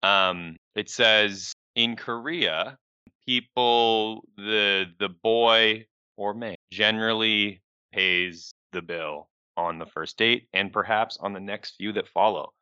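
Bright-toned low-voiced man, hesitant. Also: steady tone, slow, clear, resonant tone, dry recording, muffled recording. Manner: hesitant, many fillers, casual swearing. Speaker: podcast co-host. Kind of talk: casual chat.

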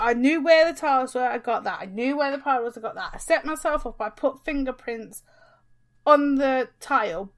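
A woman in her twenties, a podcast co-host, telling an aggrieved story in casual chat. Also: fairly high pitch.

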